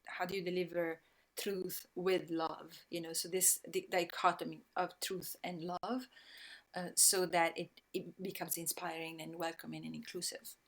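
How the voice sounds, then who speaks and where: A woman with an Italian accent, a guest speaking reflectively in conversation, pausing often and restarting her phrases. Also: on the low side, level tone. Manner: reflective, many pauses and restarts. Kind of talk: thoughtful conversational talk.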